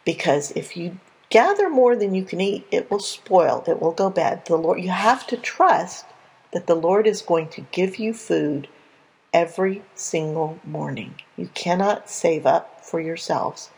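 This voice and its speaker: A woman's voice: fairly low pitch, animated, a little slow, vocal fry, darkish tone, breathy edge, exaggerated voice, low-quality recording. A woman doing Moses, stern and weary. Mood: firm.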